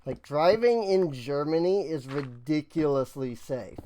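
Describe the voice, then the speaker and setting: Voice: mid-range voice, measured pace, warm tone, a little hiss or hum. An American gaming streamer rambling through casual, ranting commentary, self-mocking and full of mild swears. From United States.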